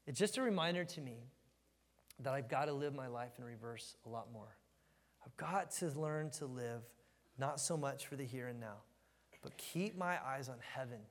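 A man's voice: mid-range voice, normal speed. A man in his thirties giving a casual, joking verse-by-verse Bible teaching in a church hall. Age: 30s. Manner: conversational, joking, animated storytelling. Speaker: preacher. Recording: long hall reverb.

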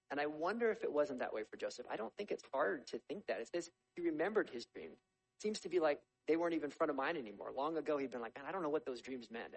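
Gravelly, husky-voiced man preaching. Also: mid-range voice, rough recording. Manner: conversational, animated storytelling with playful asides. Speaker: pastor. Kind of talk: sermon reading and explaining scripture.

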